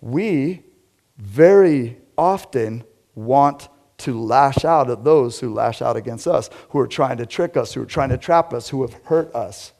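A man preaching a conversational sermon to a small group, shifting from loud emphatic lines to quiet low asides. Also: expressive, a little slow. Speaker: pastor. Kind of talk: interactive sermon.

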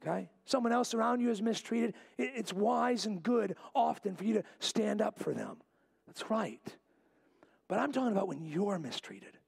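A man preaching a sermon in a church, repeating key lines and dropping to a low, quiet voice to stress them. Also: animated, moderate pace, vocal fry, husky. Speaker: pastor. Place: church sanctuary.

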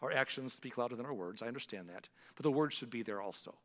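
A man's voice: medium pitch, expressive, quick pace. Male pastor, mid-range voice, heartfelt sermon delivery with big dynamic swings; long hall reverb. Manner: earnest, emotional, swings from loud emphasis to hushed.

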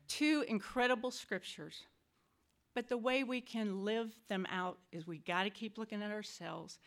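A woman giving a personal scripture reflection to a church group, telling the stories emphatically and with animation. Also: mid-range voice. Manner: emphatic, animated storytelling, acts out quotes. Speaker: church member sharing a reflection.

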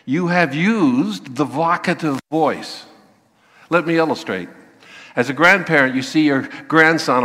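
A man preaching a sermon, acting out the voices he quotes with lively emphasis. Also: on the high side, big-room sound. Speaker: pastor.

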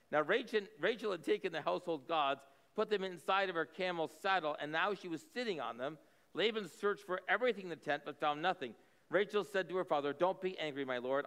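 High-voiced guy preaching, reads a verse then explains it chatty-like, echoey hall. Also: a bit bright. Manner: conversational, explanatory asides. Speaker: pastor. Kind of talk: sermon, reading scripture with commentary.

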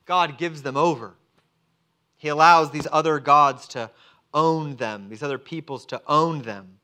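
A man's voice: fairly high pitch, unhurried, sharp tone. A man preaching a sermon to a church congregation, acting out the quoted voices of God and people. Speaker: pastor. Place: church service.

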